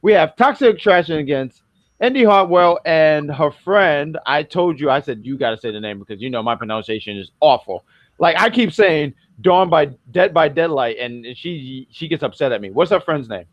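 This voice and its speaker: A man from New York with a fairly high voice chats through a wrestling review in a loose, jokey way, often correcting himself mid-sentence. The sound is dry and a little dull, as if from a home mic. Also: animated, normal speed, no echo. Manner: rambling, self-correcting, jokey. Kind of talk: casual podcast chat.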